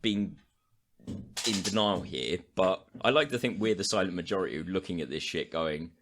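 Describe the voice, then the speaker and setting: A man's voice: deep voice, normal speed, noisy background. A man in casual podcast chat, blunt and exasperated. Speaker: podcast co-host.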